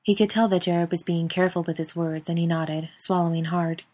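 A woman reading fan fiction aloud in an even, intimate storytelling manner. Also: on the low side, fairly quick. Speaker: narrator.

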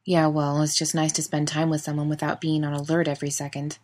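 A woman reading the lines of a young adult man, calm, quiet and reassuring. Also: deep voice, quick pace, natural voice. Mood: wry. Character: young adult man, guarded but trusting lover.

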